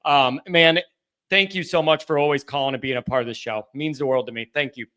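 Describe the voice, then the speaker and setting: A man hosting a live postgame call-in show, talking in a loose, excitable, chatty way with plenty of fillers and restarts. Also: mid-range voice, fast talker, clear, resonant tone. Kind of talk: casual live-stream chat.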